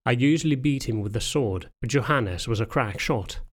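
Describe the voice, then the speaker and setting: A man reading a novel aloud as a first-person audiobook narrator, in a calm, measured way. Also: medium pitch.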